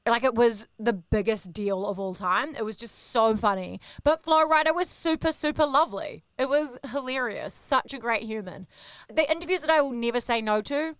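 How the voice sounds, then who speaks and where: A woman in her thirties with a New Zealand accent, a radio host telling animated, sweary backstage stories in casual chat. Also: a little high, normal speed, clear, resonant tone, no room sound, studio quality. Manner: animated, swears, acts out others in quoted voices. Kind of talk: casual storytelling.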